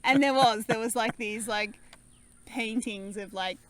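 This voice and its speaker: A woman's voice: fairly high pitch, a little slow, a bit bright. A woman with an Australian accent co-hosting a family vlog in a bubbly, teasing, laughing way. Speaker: co-host. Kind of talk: casual family vlog chat.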